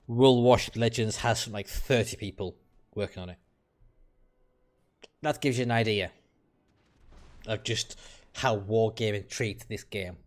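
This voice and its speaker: A man's voice: on the low side, unhurried, pauses often. A British man streaming a game late at night, chatting with viewers in a blunt, opinionated and profane way. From United Kingdom. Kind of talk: casual live-stream chat while playing.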